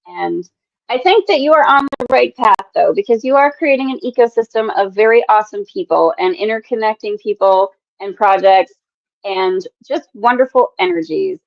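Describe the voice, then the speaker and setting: A woman's voice: medium pitch, no echo. Woman co-host, South Dakota, gushing and upbeat; lo-fi, dead-dry audio. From South Dakota, USA. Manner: effusive, gushing praise. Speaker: podcast co-host. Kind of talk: casual podcast chat. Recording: dull lo-fi dry sound.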